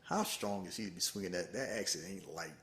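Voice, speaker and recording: Male co-host, lower pitch, bright and animated, profane storyteller who voices the characters. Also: a little fast, slight background noise. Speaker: podcast co-host. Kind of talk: casual movie reaction chat.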